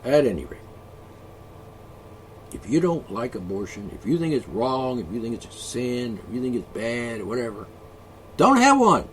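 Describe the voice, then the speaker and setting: A man's voice: medium pitch, normal speed, a little mellow, slight background noise. A man vlogging an angry solo rant, profane, sarcastic and mocking.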